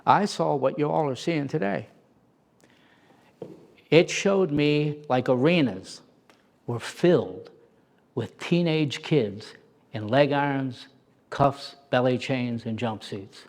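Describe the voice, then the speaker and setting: A middle-aged man telling stories as an interview guest, animated and acting out the voices he quotes. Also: medium pitch, slow, creaky, pauses often. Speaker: interview guest, former prison officer. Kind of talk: storytelling in a conversation.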